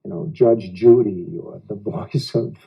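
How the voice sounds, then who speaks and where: A man's voice: lowish voice, steady tone, gravelly, breathy edge. Man musing in a dull, lo-fi recording. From United States. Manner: reflective, halting phrasing with odd pauses. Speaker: actor being interviewed. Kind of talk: casual interview talk. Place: living room of a private house. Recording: dull lo-fi 1990s home video.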